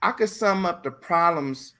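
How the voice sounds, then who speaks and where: Animated high-voiced man in casual chat. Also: unhurried. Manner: animated storyteller, acts out voices, repeats phrases. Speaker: podcast host.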